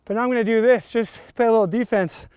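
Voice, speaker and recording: Playful high-voiced man vlogging outdoors. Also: quick pace, smooth, dry recording. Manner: laughing, playful, hype shouts. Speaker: vlog host, bike rider. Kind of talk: casual outdoor vlog chat. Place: outdoors at a dirt jump.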